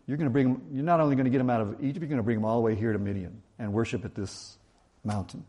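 A man's voice: medium pitch, steady tone, rapid-fire, dark tone, slightly rough. Man preaching a conversational sermon. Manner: reads scripture aloud then explains it conversationally. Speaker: pastor.

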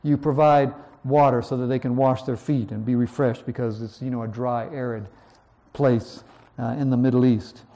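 Man, preacher, verse-by-verse sermon, mellow tone, measured scripture reading, conversational explanations. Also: medium pitch, flat delivery. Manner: reads verses slowly, then explains conversationally. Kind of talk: verse-by-verse Bible teaching.

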